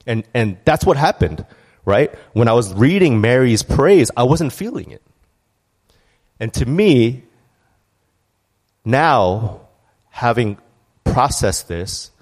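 A man's voice: mid-range voice, a little mellow. A man preaching a conversational sermon, candid and storytelling, with frequent restarts and asides. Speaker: church speaker.

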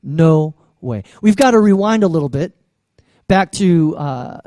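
A man's voice: high-pitched, expressive, moderate pace, a little mellow, no room sound. A man preaching a sermon as pastor, conversational and often stammering on restarts.

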